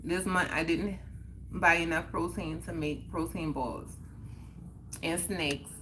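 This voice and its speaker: A woman's voice: lowish voice, steady tone, slow, background noise. A woman hosting a live stream in casual chat, answering viewers and repeating her points for emphasis. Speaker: livestream host.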